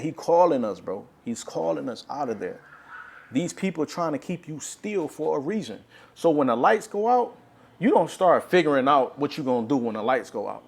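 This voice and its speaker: Male religious speaker, urgent and frustrated, preaching off the cuff. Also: medium pitch. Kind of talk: impassioned religious monologue.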